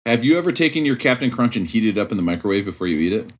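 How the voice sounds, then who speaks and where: Animated joking male podcast host. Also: fairly low pitch, rapid-fire, breathy edge. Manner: joking, animated, laughs often. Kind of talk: casual podcast chat.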